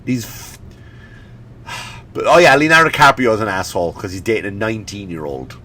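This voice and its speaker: Animated, swearing man ranting on a comedy podcast. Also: lowish voice, brisk. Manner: animated, profane, mocking impressions. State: sniffly. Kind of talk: comedic rant.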